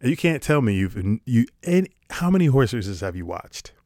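A man's voice: medium pitch, very animated, moderate pace, darkish tone, no echo, clean studio sound. A man talking to camera in a casual comedic monologue, sarcastic and rambling, swearing casually. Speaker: vlogger.

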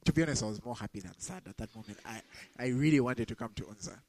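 A young adult man preaching a sermon to students, rising sharply in pitch when he quotes scripture. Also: fast, darkish tone, low-quality recording. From Zambia. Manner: emphatic, rises sharply when quoting scripture.

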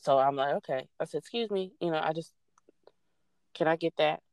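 A young adult woman casually telling a story, animated and swearing freely as she acts out what people said. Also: deep voice, a little fast, no room sound.

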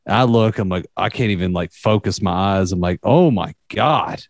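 A man's voice: low voice, steady tone, fairly quick, dry recording, studio quality. A young man telling a story in casual chat, rambling and profane, with many fillers.

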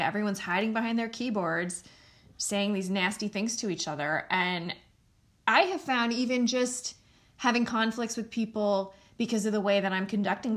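A woman's voice: mid-range voice, fairly bright tone. A young woman hosting a solo podcast, chatting in a candid, rambling way and swearing now and then. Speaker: podcast host. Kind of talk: solo casual chat.

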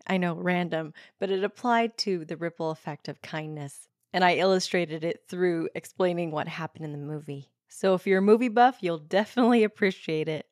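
A woman hosting a solo podcast, talking earnestly and often dropping into soft near-whispers. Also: on the low side, dry recording, studio quality. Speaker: podcast host.

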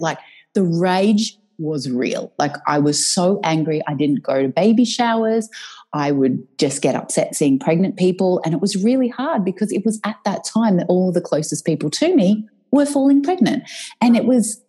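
Low husky woman, emotional. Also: normal speed, poor audio. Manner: emotional, animated, swears freely. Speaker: guest. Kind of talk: candid personal storytelling.

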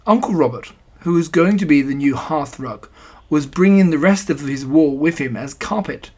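A reader narrating a children's storybook in a gentle, even telling. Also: mid-range voice, moderate pace, breathy edge. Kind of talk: storybook reading.

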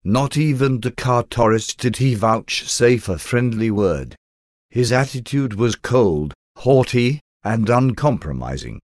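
A man reading first-person adventure narration in a formal, measured storytelling manner. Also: mid-range voice, lively intonation, a little mellow, no room sound, clean studio sound. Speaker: audiobook narrator.

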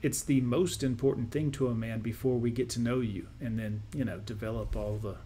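A man's voice: medium pitch, steady tone, a little fast, noisy background. A man hosting a reaction video, commenting sarcastically and dismissively over played clips.

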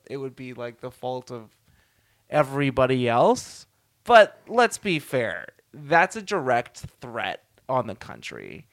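A man's voice: fairly high pitch, fairly bright tone. A man co-hosting a podcast, chiming in and agreeing in casual chat. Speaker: podcast co-host.

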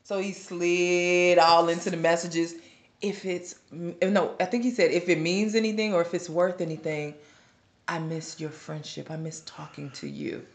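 A woman co-hosting a casual chat, an animated, teasing storyteller. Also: on the low side, normal speed. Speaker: co-host. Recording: echoey room.

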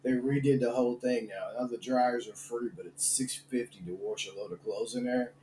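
A man's voice: medium pitch, moderate pace, mellow, slight background noise. A man joining a casual podcast chat, blunt and emphatic. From Louisville, Kentucky. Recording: echoey room.

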